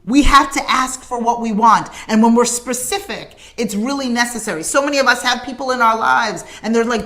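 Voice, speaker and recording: A woman's voice: on the high side, fairly quick, few pauses, a bit bright. A woman hosting a morning show, giving an emphatic, preacher-like motivational message with conversational asides.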